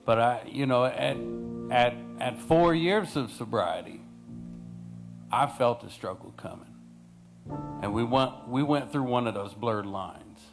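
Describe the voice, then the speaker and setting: A man in recovery talks in a slow, reflective way in a documentary interview. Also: medium pitch, lively intonation, vocal fry. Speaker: person in recovery. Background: guitar music.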